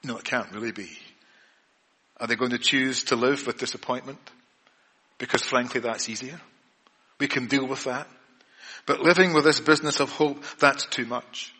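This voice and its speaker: A man's voice: medium pitch, steady tone, moderate pace, long pauses, pushed and bright, breathy edge. A man preaching an evening church sermon in an earnest way, often repeating words and restarting. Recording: long reverb of a church hall.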